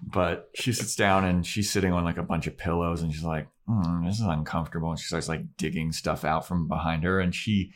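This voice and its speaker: A man's voice: sits low, steady tone, brisk, few pauses. A young man co-hosting a podcast, casually retelling an episode scene by scene, acting out quotes with swearing. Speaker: podcast co-host. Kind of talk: casual chat recapping an episode.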